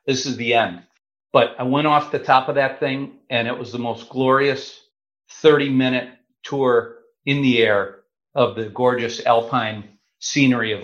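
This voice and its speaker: This man in his fifties tells his story in an animated, chatty way, stopping for the odd filler as he goes. The recording is roomy and somewhat dull, as though taken in an open room with a lo-fi mic. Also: medium pitch. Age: 50s. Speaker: guest. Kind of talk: casual storytelling. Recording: roomy, slightly dull sound.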